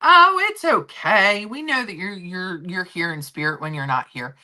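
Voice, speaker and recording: Woman streamer, casual rambling chat, swears freely, very animated pitch, bright tone. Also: moderate pace. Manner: talks to chat viewers directly. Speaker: livestream host.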